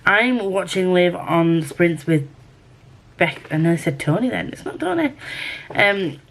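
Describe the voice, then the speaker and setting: A woman's voice: lowish voice, slow. A woman with a Yorkshire accent chatting casually in a book vlog, rambling and correcting herself as she goes. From Yorkshire, England. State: feeling unwell. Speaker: book vlogger.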